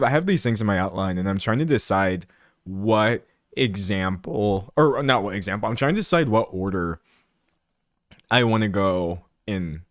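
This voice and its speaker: A young man talks to his live chat in a loose, rambling way, breaking into laughter and side comments. His voice sits on the low side. The sound is dry and close, with no room echo. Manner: animated, laughs often, rambling asides. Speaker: streamer host. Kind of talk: casual live-stream commentary. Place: room indoors, siren outside at times.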